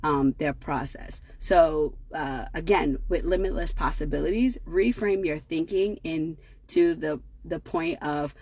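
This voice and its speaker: Woman in her thirties, parenting talk, husky, lowish voice, dry close sound, chatty with tag questions. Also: a little slow, few pauses, a little mellow, no echo. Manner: conversational, many fillers and tag questions. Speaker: parenting educator.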